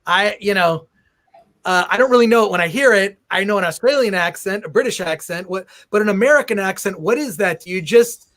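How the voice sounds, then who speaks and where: A man's voice: high voice, brisk, a bit bright. A man hosting the interview, asking rambling, joking questions. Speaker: host. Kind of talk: casual interview.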